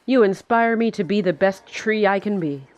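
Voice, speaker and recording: A woman talks through a film as she watches it, in a casual and sarcastic way. Her voice sits at an ordinary middle pitch. She swears freely and laughs often as she reacts. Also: moderate pace, darkish tone, no echo. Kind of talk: casual live movie commentary. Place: indoors, seated in a chair.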